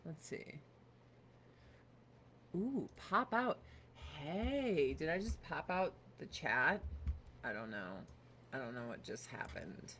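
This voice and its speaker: A woman's voice: sits low, big pitch swings, slow, pauses often, fairly bright tone, a little hiss or hum. A woman in her thirties chatting casually on a livestream from her home office desk, profane and sarcastic.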